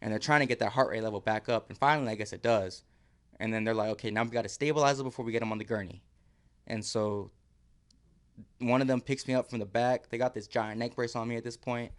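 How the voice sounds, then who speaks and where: A man's voice: medium pitch, fairly even intonation, fast talker. A man, a podcast guest, telling a story casually, acting out quotes and laughing often.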